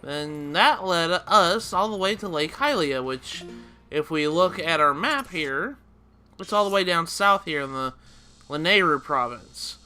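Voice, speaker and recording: A man talks through a video game playthrough in a loose, rambling way, chuckling and restarting his sentences. His voice is bright and tense, sitting slightly high for a man. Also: lively intonation, a little slow, faint music behind. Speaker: let's play host. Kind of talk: casual gameplay commentary.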